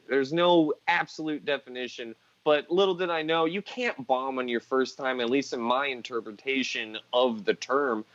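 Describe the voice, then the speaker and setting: A man's voice: on the high side, a bit bright, no room sound, dull audio. Joking man on a video call. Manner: joking, rambling self-deprecating storytelling. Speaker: guest comedian. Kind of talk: casual chat on a live stream.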